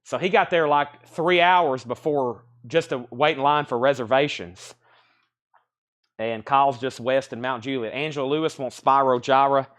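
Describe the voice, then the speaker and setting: Out of breath, a live sale host runs through record titles and prices while chatting on his stream. His mid-range voice is fairly bright, and he keeps a moderate pace in this live-stream sales patter.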